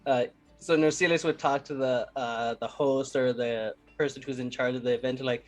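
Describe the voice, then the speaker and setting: Man, tabletop game player, hesitant, restarts, mid-pitched voice, faint music. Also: steady tone, normal speed. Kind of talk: casual tabletop role-play.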